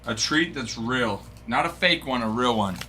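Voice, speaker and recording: A man hosting a live card-opening stream, chatting excitably and breaking into yells of delight. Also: medium pitch, normal speed, slight background noise.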